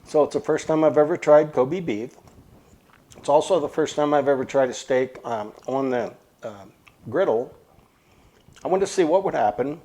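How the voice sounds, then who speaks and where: A man's voice: a little high, moderate pace, pauses often, warm tone. A man hosting a casual cooking vlog, talking plainly and thinking aloud as he goes. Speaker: cooking channel host.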